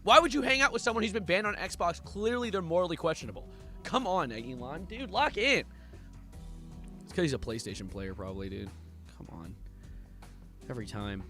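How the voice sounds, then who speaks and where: A man's voice: on the high side, animated, normal speed, long pauses, pushed and bright, soft background music. A young man live-streaming, reacting to documents he reads aloud with sarcastic, mocking asides.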